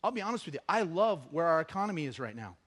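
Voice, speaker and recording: High-voiced man preaching a conversational sermon. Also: sing-song, fast talker, a bit bright, breathy edge. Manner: conversational, humorous, rising to emphatic bursts. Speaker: pastor.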